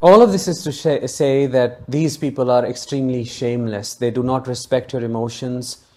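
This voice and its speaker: A man's voice: medium pitch, fairly even intonation, normal speed. A man hosting a solo podcast, telling a personal story in an earnest, emotionally charged way and speaking consolingly to his listeners. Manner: warm, consoling sign-off to listeners. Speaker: podcast host.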